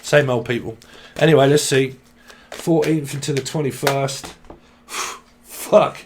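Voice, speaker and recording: A man's voice: medium pitch, fairly even intonation, normal speed, background noise. A young man, giving a casual tarot reading in a rambling, profane way and laughing often. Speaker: tarot reader.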